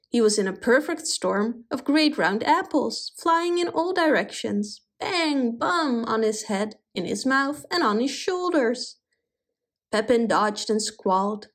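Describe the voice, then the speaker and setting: A woman reading a fairy tale aloud in an expressive, animated way. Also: a little high. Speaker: storyteller. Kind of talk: storybook reading.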